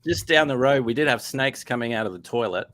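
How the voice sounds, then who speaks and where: An Australian man, a comic writer and guest, chatting casually on a live stream in a halting, self-deprecating way. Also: mid-range voice, a bit bright.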